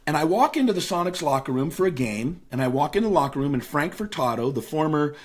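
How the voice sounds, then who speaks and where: A man in his fifties from the Seattle area, a guest telling lively anecdotes with frequent fillers in a casual interview. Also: a little high, fast. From Seattle area, United States. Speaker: guest, speaker and author.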